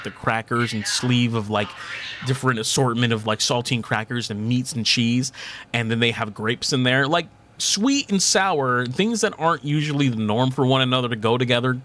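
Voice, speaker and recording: A young man streamer in casual chat, rambling and animated, swearing casually and laughing often. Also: mid-range voice.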